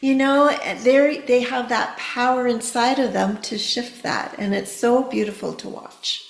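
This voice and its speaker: A middle-aged woman, a therapeutic coach on a podcast, explaining gently with many fillers. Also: a little high, unhurried, gravelly, roomy sound. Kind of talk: casual podcast conversation.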